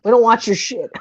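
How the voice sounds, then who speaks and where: Excitable swearing woman on a lo-fi mic. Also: on the high side, creaky, breathy edge. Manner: excitable, swears often, laughs a lot. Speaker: podcast co-host. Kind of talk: casual movie review chat. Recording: dull lo-fi audio.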